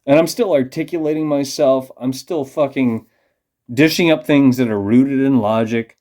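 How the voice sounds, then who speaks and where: A man's voice: mid-range voice, moderate pace, a little mellow. A man ranting in a rambling, profane, conspiratorial monologue to camera, a little tipsy from beer. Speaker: vlogger.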